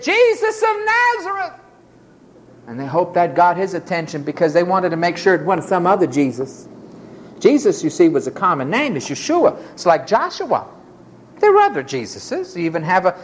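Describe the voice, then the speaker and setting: Acting out the people in her story, this female preacher delivers her sermon emphatically and dramatically, her voice swinging from hushed lows to high cries. There is slight background noise.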